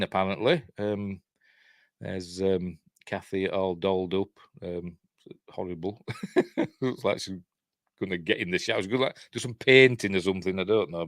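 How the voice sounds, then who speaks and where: Casting: a rambling, chatty Yorkshire film reviewer, deep voice, dry recording. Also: male voice, no room sound. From Yorkshire, England. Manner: rambling, chatty, lots of fillers and chuckles. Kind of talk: casual film breakdown.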